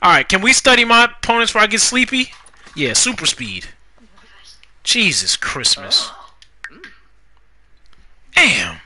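A young man giving casual, profane commentary while playing a life-simulation game, scolding the characters out loud. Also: sits high, measured pace, pauses often. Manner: animated, profane, talks to the game characters, rhymes jokingly. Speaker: gaming YouTuber. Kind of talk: casual Let's Play commentary.

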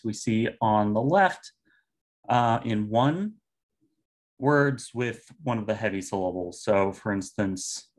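Low-voiced man presenting linguistics research. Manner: measured, explanatory, with pauses and fillers. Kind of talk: academic conference talk.

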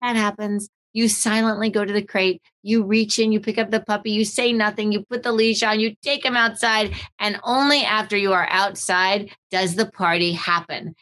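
A woman hosting a dog-training podcast in casual chat, animated and acting out voices of dogs and owners. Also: mid-range voice, normal speed, hardly any pauses, low-quality recording.

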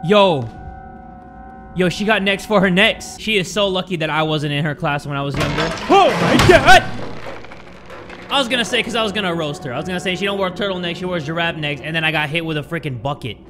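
A young man giving jokey, excitable commentary while playing a game, jumping between loud yelps and low mutters. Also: fast talker, music in the background. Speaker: gaming YouTuber. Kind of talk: let's play commentary.

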